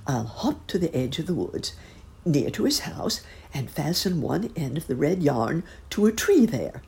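A woman voicing a kindly old gentleman rabbit who talks in a gentle, musing way. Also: sits low, very animated, a little slow, creaky, full character voice. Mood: thoughtful.

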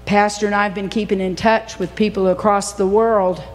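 A woman preacher teaching from scripture in a sermon, emphatic and animated, swinging between loud and soft delivery. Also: mid-range voice, moderate pace. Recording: long reverb of a large hall.

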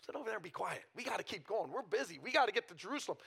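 A man's voice: high-pitched, big pitch swings, very fast, creaky, breathy edge, heavily acted. A man playing an impatient crowd that brushes someone off and hurries along. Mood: scornful. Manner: brusque, hushing.

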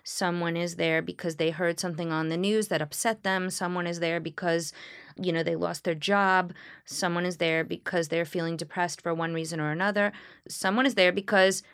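Smooth-voiced woman, earnest storyteller. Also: lowish voice, steady tone, a bit bright, dry recording, clean studio sound. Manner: smiling, earnest storytelling with frequent pauses and restarts. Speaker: Reformed Jewish clergy leading healing services. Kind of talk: reflective personal interview.

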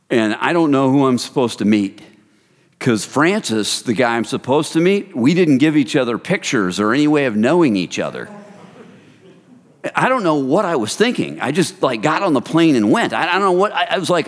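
An American man telling his testimony as a preacher, animated and addressing the room as "you guys". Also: medium pitch. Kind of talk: sermon testimony. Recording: long reverb hall.

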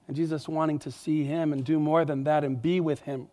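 Man, pastor, sermon, fairly high voice, emphatic, chatty asides. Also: brisk, few pauses. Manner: animated, emphatic, conversational asides.

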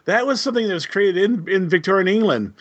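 A man's voice: high voice, lively intonation, quick pace, slightly rough, highs cut off. A man in a casual panel chat, tossing in joking, chatty asides.

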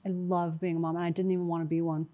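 A woman's voice: fairly low pitch, very fast, highs cut off. Chatty middle-aged woman telling stories. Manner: animated storytelling, quotes herself and others. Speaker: guest. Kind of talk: conversational interview.

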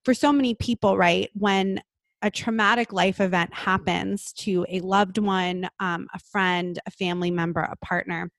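Gravelly woman host asking rambling questions. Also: medium pitch, fairly even intonation, normal speed, no room sound. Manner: rambling, filler-heavy questions. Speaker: podcast host. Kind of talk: interview questions.

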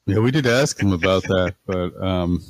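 A man playing a tabletop game, laid-back and quick to laugh. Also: sits low, dry recording. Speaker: player. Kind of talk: casual tabletop game play.

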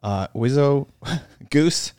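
A man's voice: mid-range voice, lively intonation, very slow, a little mellow, smooth, no room sound, studio quality. A man hosting an interview, asking questions in a casual way and summing up his guest's answers. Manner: friendly, prompting, recaps answers. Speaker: podcast host, interviewer.

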